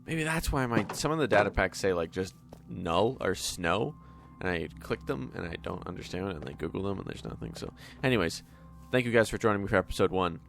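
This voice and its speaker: Gravelly low-voiced gaming host. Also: male voice, brisk, few pauses. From Canada. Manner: chatty, swears freely, easily excited. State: voice tired from many takes. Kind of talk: casual gameplay commentary. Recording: faint background music.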